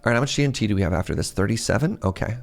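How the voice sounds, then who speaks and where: Gravelly-voiced man chatting while gaming. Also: on the low side, lively intonation, rapid-fire, soft background music. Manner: chatty, laughs often, jumps between stories and game. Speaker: game streamer. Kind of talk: casual gameplay chat.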